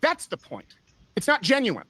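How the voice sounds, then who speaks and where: A speaker in a played clip, explaining things in a measured, analytical way. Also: medium pitch, wildly swooping pitch, bright, forceful tone, husky, no room sound, rough recording. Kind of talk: analytical commentary.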